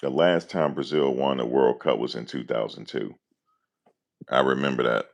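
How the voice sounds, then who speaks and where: A man, talking casually and deadpan to his viewers, musing and repeating himself in slangy speech. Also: very deep voice, moderate pace, gravelly, muffled recording. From New Jersey, USA. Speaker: vlogger. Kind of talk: casual rambling monologue.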